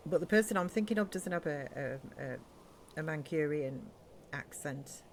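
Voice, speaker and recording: Chatty woman, low voice. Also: animated, moderate pace, slight background noise. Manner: chatty, rambling, thinks aloud with many ums. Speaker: streamer playing a building game. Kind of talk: casual live-stream chat.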